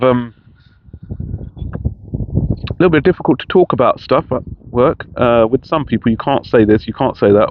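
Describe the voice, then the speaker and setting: A middle-aged man chatting casually outdoors in a park, rambling with many restarts. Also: on the low side. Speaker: vlogger. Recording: dull lo-fi sound with faint noise.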